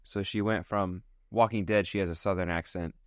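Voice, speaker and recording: Man, podcast co-host, low voice, dry close sound, relaxed storytelling. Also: moderate pace, dry recording. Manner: relaxed, chatty storytelling with many fillers. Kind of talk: casual chat.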